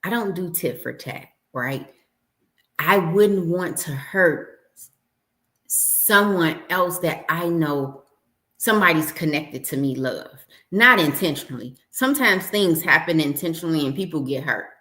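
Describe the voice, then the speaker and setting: Low-voiced woman telling a story. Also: measured pace, roomy sound. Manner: animated storyteller, acts out dialogue. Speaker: livestream host. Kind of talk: casual personal storytelling. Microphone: home livestream setup.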